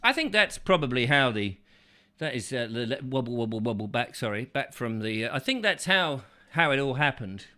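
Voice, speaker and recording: A male chat-show host rambles through comic banter, full of "uh"s and silly wordplay. His voice is bright and very animated, with pitch that leaps around. He is recorded in a studio. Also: normal speed.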